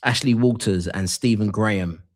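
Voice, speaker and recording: A man co-hosting a live online show, talking in a relaxed, reflective way and sometimes losing his thread. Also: fairly low pitch, moderate pace. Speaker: co-host. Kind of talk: live stream chat show.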